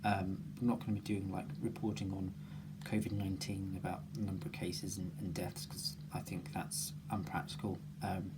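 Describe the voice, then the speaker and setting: A man's voice: low voice, level tone, normal speed, hardly any pauses. Man rambling through a noisy video diary. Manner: rambling, many ums and restarts, musing aloud. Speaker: vlogger. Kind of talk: casual personal video diary.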